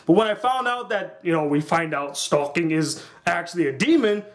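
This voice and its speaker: A young man with a notably high voice talks through a review in a loose, casual way. He is excitable and animated, and he swears freely as he recaps. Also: moderate pace, hardly any pauses. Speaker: anime reviewer.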